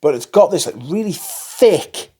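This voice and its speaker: A man's voice: high-pitched, animated, unhurried, warm tone, breathy edge. A man chatting casually and enthusiastically about perfumes, swearing freely and rambling between thoughts. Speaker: fragrance reviewer. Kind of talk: casual chat.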